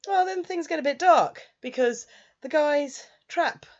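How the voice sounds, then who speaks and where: A woman's voice: sits high, unhurried, darkish tone, dull audio. A woman chatting casually through a frank review, peppering her talk with "like". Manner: chatty, frank, heavy use of "like". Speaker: anime reviewer.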